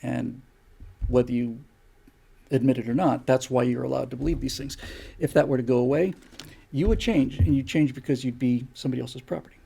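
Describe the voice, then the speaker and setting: A man's voice: medium pitch, fairly even intonation, brisk, creaky, mellow, slightly rough. An older man hosting a show, delivering an opinion monologue with emphatic, repeated rhetorical questions. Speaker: show host.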